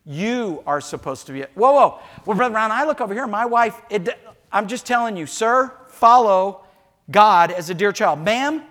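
An older male pastor delivering a sermon in a church sanctuary. His voice sits high and bright. He swings from reading scripture to animated storytelling and playful asides to the pews. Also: normal speed.

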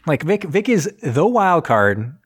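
A man in casual chat, recapping a film plot and acting out the characters' lines in quick voices. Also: on the high side, very animated, breathy edge. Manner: rambling, acts out scenes in quick voices. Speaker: podcast host recapping a film.

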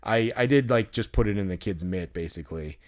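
A man's voice: fairly low pitch, a little fast. A man co-hosting a casual podcast, telling long, rambling stories full of fillers and restarts, with a sarcastic, exasperated edge. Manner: exasperated, sarcastic about fans. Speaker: podcast co-host.

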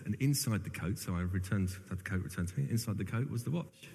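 A man leads an informal sermon, chatting to the congregation in a lowish voice and gently poking fun at himself. His words ring out with a long reverb through a large church hall. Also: lively intonation, a little fast, gravelly. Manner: chatty, self-deprecating storyteller. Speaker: church clergyman.

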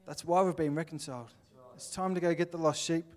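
Casting: Australian male preacher, plainspoken and earnest, voice slightly high. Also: fairly even intonation, fairly quick. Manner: earnest, plainspoken, acts out little scenes. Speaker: pastor. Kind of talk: sermon.

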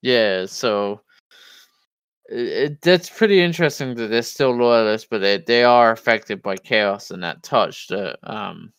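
A man with a New Jersey accent chats loosely on a podcast with a smooth, clean voice. The sound is dry and close, with no room around it. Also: fairly low pitch, lively intonation, measured pace, a bit bright, no echo. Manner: loose and casual, says "yo" and "like", restarts. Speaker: podcast co-host. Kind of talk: casual chat.

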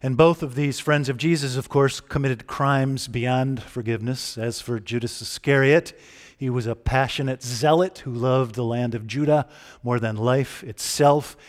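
A man's voice: mid-range voice, fairly even intonation, unhurried. A man preaching a sermon in a conversational way, often asking the listeners direct questions.

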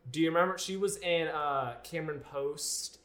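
A man's voice: on the high side, normal speed, a bit bright, roomy sound. A man co-hosting a casual movie podcast chat, bringing up each new film. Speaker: podcast co-host.

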